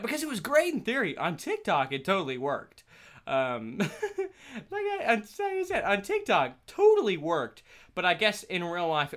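A man's voice: fairly high pitch, bright, forceful tone. A young man, a college student, telling a casual story in a rambling way, laughing often and restarting his sentences.

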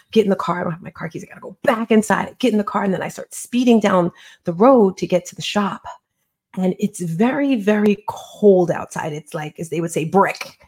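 Speaking as an interview guest, a middle-aged woman author conversationally and earnestly recounts a personal story, voicing its dialogue. She has a lowish, slightly mellow voice with a breathy quality.

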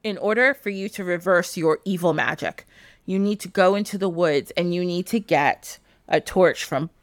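A woman's voice: on the low side, moderate pace, no room sound, close to an everyday voice. A woman voicing a cruel, scheming stepmother as she casually retells a folk tale in her everyday voice, with a dry close sound. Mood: accusing. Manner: casual retelling, plain own voice.

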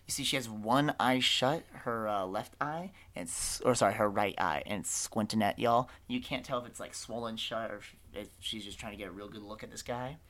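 A woman's voice: extremely low pitch, fairly quick, few pauses. A woman running a tabletop game as game master, narrating in a loose, chatty way with many fillers and self-corrections.

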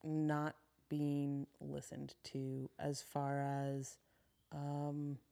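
A woman guest on a podcast, a construction business owner telling a work story in a frank, steady way with quick asides. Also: deep voice, gravelly. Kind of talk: candid conversational storytelling. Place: podcast studio.

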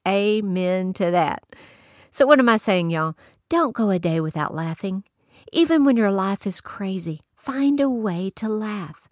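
A woman's voice: mid-range voice, expressive, unhurried, dry recording, studio quality. Folksy woman preaching. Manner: folksy, storytelling, laughs often. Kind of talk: inspirational sermon.

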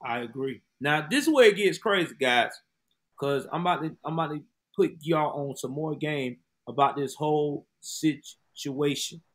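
Male true-crime podcast host, higher-pitched, emphatic, speaks directly to the audience. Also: normal speed, a bit bright. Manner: emphatic, talks straight to listeners.

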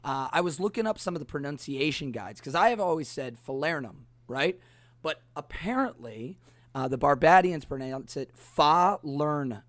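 A man's voice: fairly high pitch, animated, moderate pace, dry recording. Rambling male podcast host, dry close mic. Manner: rambling, many fillers. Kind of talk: casual chat about cocktails.

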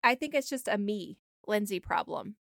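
A woman co-hosting a casual chat, laid-back and good-humored, quick to defend herself when teased. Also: medium pitch, lively intonation, gravelly, a bit bright, dry recording, clean studio sound. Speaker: podcast co-host.

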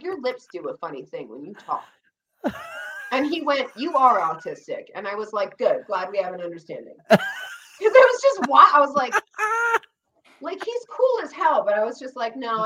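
A woman chatting casually on a podcast, telling a long story with animated delivery, quoting herself and others and swearing freely. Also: a little high, distant mic, rough recording. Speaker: podcast co-host recounting reality show experience. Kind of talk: casual chat.

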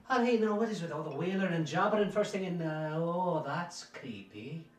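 A man's voice: fairly high pitch, lively intonation, normal speed, echoey room, far from the mic, a little hiss or hum, voice pushed up, close to an everyday voice. A man voicing a fussy, fretful older housekeeper woman who talks in a prim, flustered, old-fashioned way.

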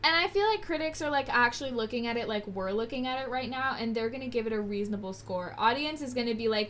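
Blunt, opinionated young woman, slightly high. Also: fast talker, hardly any pauses, fairly bright tone, slight background noise. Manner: blunt, opinionated, laughs often. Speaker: co-host answering trivia. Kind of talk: casual chat.

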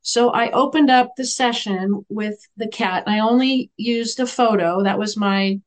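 Woman guest, animated storyteller, slightly high voice, acts out the dialogue. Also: measured pace. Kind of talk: storytelling in a podcast interview.

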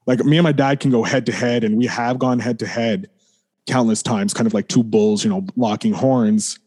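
A man as a podcast guest, candidly recounting a hard period in a rambling way, full of restarts, and quieter as things get heavy. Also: mid-range voice, steady tone, normal speed. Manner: rambling, heavy use of "like", frequent restarts, swears and apologizes. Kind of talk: candid personal storytelling.

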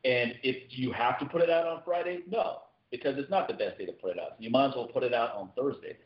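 Fast-talking man on an echoey podcast. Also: mid-range voice. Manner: fast, animated, repeats words when starting sentences. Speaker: podcast co-host. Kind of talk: casual podcast chat. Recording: dull, echoey room audio.

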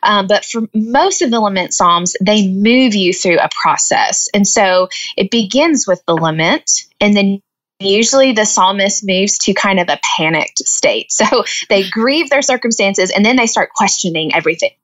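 A woman's voice: medium pitch, expressive, moderate pace, a bit bright, highs cut off. A woman author as a guest, explaining with earnest, thoughtful talk and light laughs. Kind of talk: faith-based podcast interview.

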